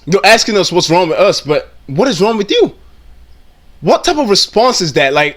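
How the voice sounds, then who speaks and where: A man's voice: sits high, sing-song, normal speed, a bit bright. A man giving blunt, indignant reaction commentary, swearing freely and often repeating himself mid-sentence. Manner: repeats and restarts phrases often.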